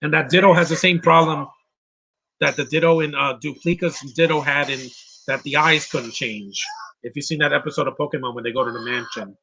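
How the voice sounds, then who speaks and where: Man, live movie commentary host, chatty, opinionated, rambling, husky voice, fairly high pitch. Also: fairly even intonation, fairly quick, sharp tone. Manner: chatty and opinionated, reads viewer questions aloud and answers; rambling with frequent restarts and laughs.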